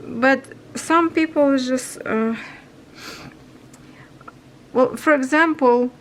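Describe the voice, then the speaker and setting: Craft vlogger, woman, non-native English, stuffy, unhurried rambling chat. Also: sits high, slight background noise, low-quality recording. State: stuffy nose. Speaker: cross-stitch vlogger. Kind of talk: casual chat while stitching.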